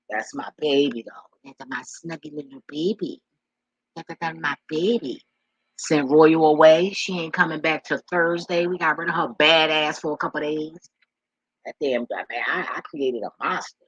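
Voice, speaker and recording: Woman vlogger, rambling and profane, bright husky voice, dry close sound. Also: sits low, dry recording, muffled recording. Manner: loose and profane, rambling with many restarts; talks straight to her viewers as y'all. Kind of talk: casual rambling monologue to viewers.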